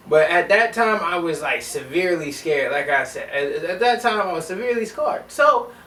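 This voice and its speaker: Brief: young man, casual slangy storyteller, slightly high voice, roomy echo, a bit off mic. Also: distant mic. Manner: animated, slangy, rambling with many restarts. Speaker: vlogger.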